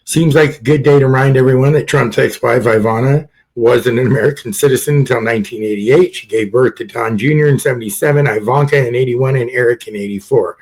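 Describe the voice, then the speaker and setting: Male podcast host, casual and blunt, swears freely, rambles, mid-range pitch. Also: fairly quick, hardly any pauses, poor audio. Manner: laughs at his own jokes. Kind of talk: casual political chat.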